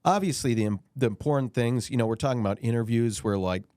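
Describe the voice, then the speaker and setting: Sarcastic podcast co-host, dry close sound. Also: male voice, quick pace, a little mellow, smooth, no echo. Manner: mock-outraged, swings into high mocking voices. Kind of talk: sarcastic political banter.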